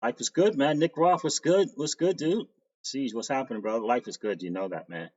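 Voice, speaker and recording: Male streamer, relaxed chatty host voice, slightly muffled home-mic audio. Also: mid-range voice, brisk, husky. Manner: reads out viewer names and greets them, laughs often. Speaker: crypto livestream host. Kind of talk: casual livestream chat.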